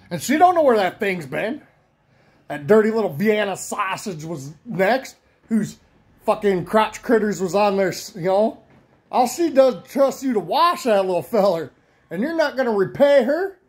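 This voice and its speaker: A man's voice: high voice, very animated, normal speed, slightly rough. A man ranting crudely to camera in a rowdy, rambling comedic vlog. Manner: rowdy, profane, rambling storytelling. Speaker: vlogger.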